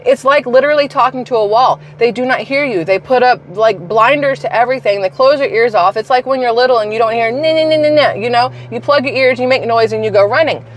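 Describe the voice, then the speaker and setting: A woman's voice: fairly high pitch, fairly quick, hardly any pauses, a little hiss or hum. A woman ranting about politics in a heated, blunt and profane way, addressing her viewers directly. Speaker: political commentary vlogger.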